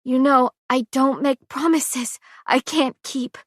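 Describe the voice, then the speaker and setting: A woman's voice: high-pitched, steady tone, slow pace, no room sound, clean studio sound, pitched above the performer's own voice. A woman reading an audiobook, voicing a dying young woman who speaks weakly in a faint near-whisper between wheezing breaths. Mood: tender. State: weak and wheezing.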